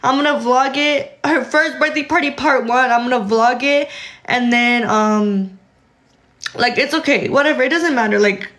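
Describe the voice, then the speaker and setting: A young woman with a fairly high voice is crying through a rambling vent on a livestream. She fills her speech with "like" and breaks off sentences to start again, talking straight into a phone mic. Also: normal speed, fairly bright tone. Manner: rambling, filler-heavy, restarting sentences. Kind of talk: emotional venting on a livestream.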